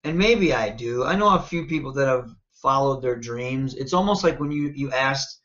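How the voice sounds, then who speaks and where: A man from Michigan, a wrestler and interview guest, talking in an animated, confident, self-promoting way and often checking in with "you know what I mean.". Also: medium pitch, moderate pace, highs cut off. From Michigan, United States. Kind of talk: casual interview talk.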